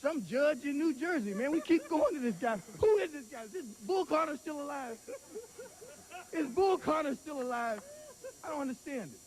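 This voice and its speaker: Fiery high-voiced man taunting at a press conference. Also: very animated, moderate pace, rough recording. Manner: loud, taunting, preacher-like rhetorical cadence. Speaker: boxing manager and trainer. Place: crowded press conference hall.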